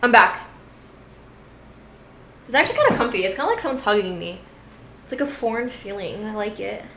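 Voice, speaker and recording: A woman's voice: medium pitch, very animated, a little fast, pushed and bright, a little hiss or hum. A woman streamer chatting casually with her viewers, giggly and rambling, swearing freely. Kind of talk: casual live-stream chat. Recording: roomy echo.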